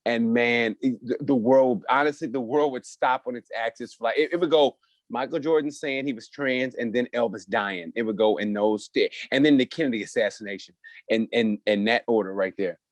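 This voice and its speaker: A man's voice: medium pitch, brisk, dry recording. A man from Oklahoma co-hosting a podcast, telling stories in casual, profane chat. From Oklahoma, USA. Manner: profane, animated storytelling. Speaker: podcast co-host.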